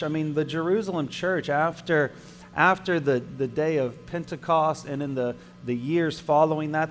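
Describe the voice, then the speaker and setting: A man's voice: on the high side, big-room sound. A man with a Cajun accent, preaching and leading the offering as pastor, talking in a conversational way with restarts and asides to the congregation. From Louisiana. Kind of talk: sermon.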